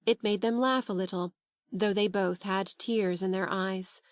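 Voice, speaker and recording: A woman narrating a classic novel as an audiobook, in a calm, measured, unhurried way. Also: mid-range voice, no room sound, clean studio sound.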